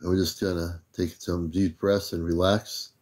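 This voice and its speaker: An older American man hosting a casual livestream, relaxed and easygoing, greeting viewers one by one by name. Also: deep voice, moderate pace. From United States. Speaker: livestream host.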